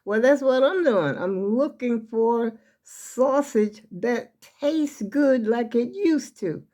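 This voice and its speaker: This older woman's voice is fairly high and dark, with lively intonation but a slow delivery. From her kitchen she rambles casually to her viewers, a bit out of breath.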